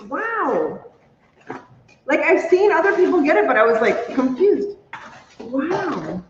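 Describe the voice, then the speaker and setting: A woman hosting a casual crafting livestream, chatty and excitable, squealing when she is delighted. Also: high-pitched, slow, long pauses. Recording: roomy, dull lo-fi sound with faint hum.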